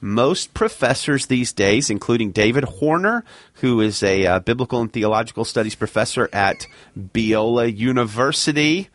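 A man's voice: medium pitch, lively intonation, moderate pace, no echo. Dry-miked man, co-host. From Alabama. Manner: bantering, reads quotes aloud. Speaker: podcast co-host, segment presenter. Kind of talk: casual chat.

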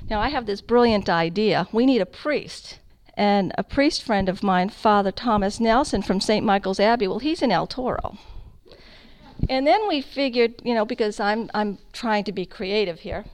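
Middle-aged woman telling her faith story, lively and funny, dry close mic. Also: mid-range voice, no room sound. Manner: animated storyteller, self-deprecating humor, rising emotion. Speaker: founder of a Catholic radio ministry, giving testimony. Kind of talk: personal testimony talk to an audience.

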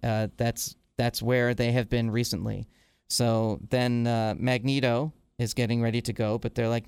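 A casual man recapping comics, smooth voice. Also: medium pitch, little pitch movement, unhurried, a little mellow, no room sound. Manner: retells the plot loosely with fillers, quoting characters in his own voice. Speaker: podcast host.

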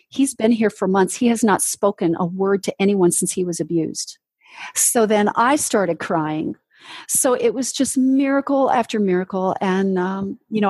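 Woman guest, husky tone, middle pitch, earnest storytelling testimony, dry close mic. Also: darkish tone, no room sound. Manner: earnest storytelling, acts out quoted dialogue. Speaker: ministry guest. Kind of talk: personal testimony in an interview.

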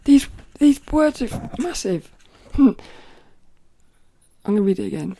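Chatty woman with a mellow voice. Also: a little high, expressive, gravelly. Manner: chatty and playful, with frequent self-corrections; reads quoted passages louder and slower. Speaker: podcast host. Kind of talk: casual solo chat, reading aloud from a children's book.

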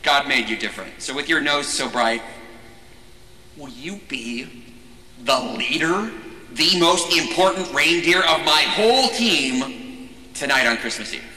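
An old Santa Claus, kindly and encouraging, with a sharp, tense edge to his voice, as a man puts him on in an echoing hall. The voice rings out in a large, reverberant space. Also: a little high, animated, unhurried, long pauses, heavily acted. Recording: echoey hall with long reverb.

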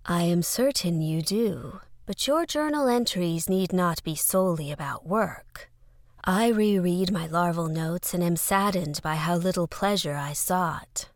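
A woman voicing a serene, graceful male insect-like alien artist, speaking softly and aloofly. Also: lowish voice, a little slow, no echo, clean studio sound.

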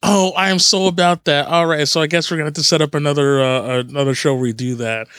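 A man hosting a podcast, chatting casually and rambling, quick to laugh. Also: fairly high pitch, steady tone, a bit bright, smooth, no room sound, clean studio sound. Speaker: podcast host.

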